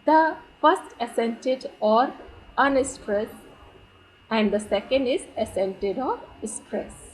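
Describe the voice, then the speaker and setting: A woman teaching poetic meter from slides, speaking slowly and deliberately and leaning on key terms. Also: fairly high pitch, darkish tone, slight background noise, low-quality recording. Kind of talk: slide lecture on poetry.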